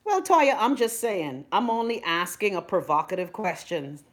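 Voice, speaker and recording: A young Bahamian woman hosting a live stream, chatting loudly to her viewers, gossipy and swearing freely. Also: mid-range voice, big pitch swings, moderate pace. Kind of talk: casual live-stream chat.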